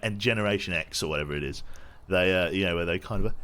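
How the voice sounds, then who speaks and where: A man's voice: deep voice, expressive, fast talker, fairly bright tone. A young man from England with a posh English accent, chatting casually with his viewers while streaming a game, self-deprecating and reading chat aloud.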